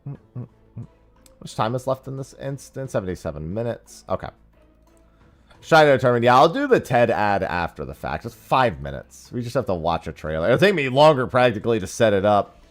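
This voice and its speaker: A man's voice: lowish voice, big pitch swings, fairly quick, soft background music. A man streaming an online game and chatting casually with viewers, sarcastic and swearing now and then. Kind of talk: casual chat while gaming.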